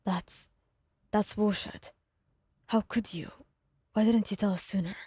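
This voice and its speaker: A woman voicing a gruff, blunt, hot-tempered young man in an ASMR fanfic reading, talking bluntly and swearing. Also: mid-range voice, fairly even intonation, a little slow, mellow, no echo, studio quality. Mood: angry.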